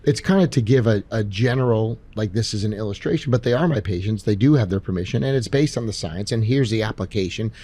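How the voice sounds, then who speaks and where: A man co-hosting a live podcast Q&A at a seminar, talking in an animated, jokey way with some swearing. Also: on the low side, fast, hardly any pauses. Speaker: podcast co-host. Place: seminar stage.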